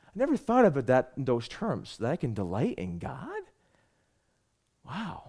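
Man, pastor, sermon, lively pitch swings, loud then hushed delivery. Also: a little fast, creaky, husky. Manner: animated preaching, swinging from loud emphasis to hushed asides.

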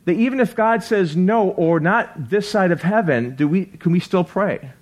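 A man delivers a sermon in a relaxed, conversational manner, his voice sitting a little higher than most men's. He reads passages aloud, acts out the quoted lines, and keeps asking his listeners "right?" as he goes. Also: normal speed. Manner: conversational, often asks "right?". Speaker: pastor.

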